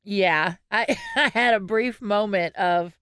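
A woman's voice: medium pitch, slow, clean tone, no room sound, studio quality. A woman co-hosting a casual podcast, telling stories with lots of swearing and laughter. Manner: animated storyteller, swears freely, laughs often. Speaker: podcast co-host.

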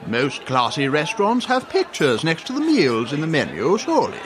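A man's voice: on the high side, wildly swooping pitch, normal speed. A man playing a snooty, fussy diner with a pompous, sniffy manner.

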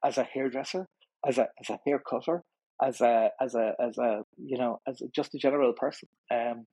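A middle-aged man with an Irish accent talks openly in a studio interview, stumbling and repeating himself as he finds his words. His voice is husky and slightly breathy. The sound is dry and close. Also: mid-range voice, mellow, no room sound, low-quality recording. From Ireland. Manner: halting, repeats words and restarts often. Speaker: guest. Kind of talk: candid interview conversation.

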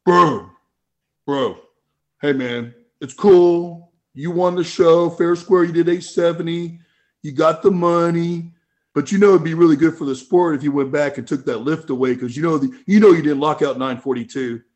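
A man doing an impression of a brash, pushy male meet promoter, loud and coaxing. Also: fairly high pitch, steady tone, normal speed, voice pushed up, lightly acted.

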